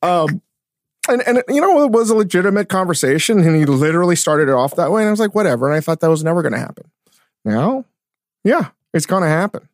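A man co-hosting a casual podcast, talking in an animated way, swearing often and restarting his sentences. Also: high-pitched, quick pace, no room sound, studio quality. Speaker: podcast co-host, chef. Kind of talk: casual chat. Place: studio.

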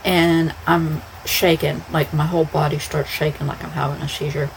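Low-voiced woman telling a blunt story. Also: little pitch movement, normal speed, creaky, a little hiss or hum, low-quality recording. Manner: blunt, profane, rambling. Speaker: podcast host. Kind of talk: casual storytelling.

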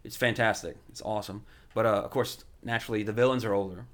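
A man's voice: fairly low pitch, steady tone, fast talker, fairly bright tone. Chatty man rambling about movies. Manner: rambling, lots of fillers, enthusiastic. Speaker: podcast host. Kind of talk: casual film chat.

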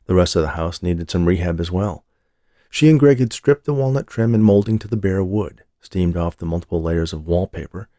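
Deep, gravelly man narrating a story. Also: dark tone, no room sound, clean studio sound. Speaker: audiobook narrator. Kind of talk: scripted narration.

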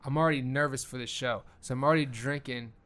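A man's voice: mid-range voice, fairly even intonation, quick pace, a crowd in the background. A man with an ordinary mid-range voice chats casually as an interview guest. He tells his stories with self-deprecating humor and acts out the exchanges he has with fans. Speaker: stand-up comedian guest.

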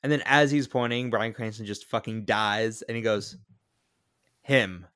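A man's voice: on the low side, normal speed, a bit bright, clear, resonant tone. A young adult man co-hosting a casual movie podcast, teasing his co-host and retelling scenes with jokes. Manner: joking, teasing banter.

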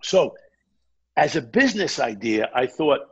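A man telling a long anecdote in a casual chat, animated and often quoting the people in his story. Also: medium pitch, a little slow, breathy edge, highs cut off. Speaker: guest.

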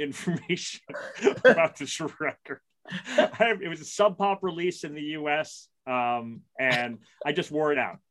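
A man in his forties co-hosting a casual podcast chat, rambling and self-mocking with quick bursts and restarts. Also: a little high, a bit bright. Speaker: podcast co-host.

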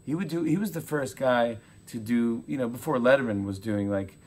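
A man in his forties, a talk show host being interviewed, telling animated stories and acting out quotes. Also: medium pitch, brisk. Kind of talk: casual interview chat.

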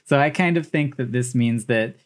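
A man's voice: medium pitch, normal speed. A man with an ordinary mid-range voice chats on a podcast about a film. He spins an absurd theory in a dry, playful way and laughs easily between points. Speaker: podcast co-host. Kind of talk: casual chat, joking movie analysis.

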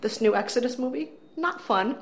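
A woman's voice: fairly high pitch, expressive, moderate pace. A woman co-hosting a movie podcast, reviewing films in casual chat with a wry, sarcastic, enthusiastic manner. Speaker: podcast co-host, film critic. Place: empty office room.

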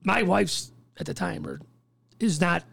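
A man's voice: sits high, creaky, fairly bright tone, slightly rough, dry recording. A man, a firefighter, telling a story on a podcast in a casual, profane way and acting out the people in it. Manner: rapid, profane, acts out the people in his story. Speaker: firefighter guest.

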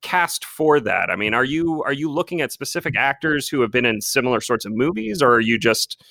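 Lively-voiced man hosting an interview. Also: brisk, creaky, no room sound, clean studio sound. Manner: lively pitch, restarts while forming questions. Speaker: interview host. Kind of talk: conversational interview.

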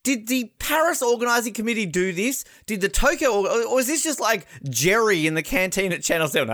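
A man's voice: high voice, a little fast, few pauses, no room sound, studio quality. A man co-hosting a podcast, chatting casually with lots of laughter and mocking asides. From Australia. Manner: animated, laughing, mocking impressions. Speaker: podcast co-host. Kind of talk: casual banter.

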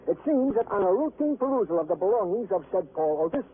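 A fussy, long-winded police sergeant chides his partner in roundabout phrases and a high voice. He speaks in a 1950s radio crime drama. The broadcast sound is tinny, thin and faintly hissy. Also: very animated, quick pace. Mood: chiding. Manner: flowery, roundabout phrasing, gently teasing.

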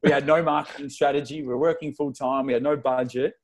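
Male podcast guest in his twenties, Australian accent, from Melbourne. Excitable, slangy storyteller who acts out other people's lines. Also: mid-range voice, fast talker. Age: 20s. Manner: excitable, slangy, tells stories with lots of retold dialogue. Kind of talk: casual interview storytelling.

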